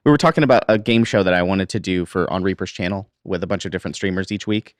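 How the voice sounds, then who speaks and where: Low-voiced easygoing man hosting a stream. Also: fast talker, no echo, clean studio sound. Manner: easygoing, laughs often. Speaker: stream host. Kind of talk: casual livestream chat.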